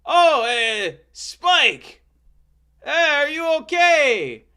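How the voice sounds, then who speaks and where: A man doing a breezy gentleman. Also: very high-pitched, sing-song, extremely slow, voice pushed up, heavily acted. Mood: grand. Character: kind clever French gentleman, generous.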